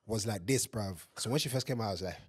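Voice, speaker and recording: Husky London man telling lively stories. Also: lowish voice, fast. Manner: animated storyteller, acts out voices and laughs often. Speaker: podcast guest. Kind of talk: casual chat.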